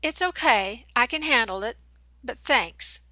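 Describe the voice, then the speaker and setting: A woman's voice: fairly high pitch, lively intonation, a little slow, sharp tone, dry recording. A woman voicing a guarded, self-possessed teenage witch girl in an audiobook.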